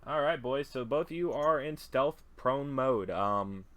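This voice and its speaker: A man's voice: medium pitch, animated, unhurried, a bit bright, no echo. A man running a tabletop game as game master, narrating casually with lots of fillers.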